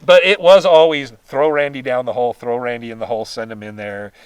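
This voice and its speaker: Animated American man swapping stories. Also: mid-range voice, fairly quick, clean tone, no echo, distant mic, rough recording. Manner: animated, laughs while telling stories. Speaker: podcast host. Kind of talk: casual storytelling chat.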